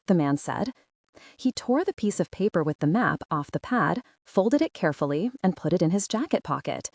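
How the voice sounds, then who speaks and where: A woman narrating a literary short story audiobook in a measured, expressive storytelling manner. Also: on the low side, no echo, clean studio sound.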